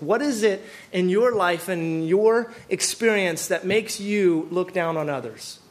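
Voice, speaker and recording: High-voiced man preaching animatedly. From Pacific Northwest of the US. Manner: animated, full of rhetorical questions. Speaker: pastor. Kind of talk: sermon.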